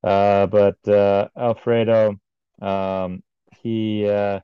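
A man's voice: lowish voice, level tone, drawn-out words, clear, resonant tone, no echo, dull audio. A man recounting a race in casual podcast chat, rambling with many ums and uhs.

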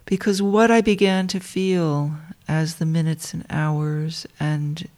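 A woman telling a personal story to listeners she calls dear friends, in a soft, intimate way that often drops to a whisper. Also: low-pitched, steady tone, slow pace.

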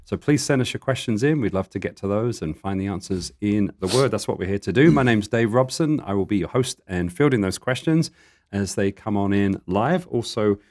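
A man's voice: fairly low pitch, animated, a little fast, a little mellow. Chatty American man hosting live radio. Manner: chatty, laughs easily, plain friendly delivery. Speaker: host of live call-in Bible question show.

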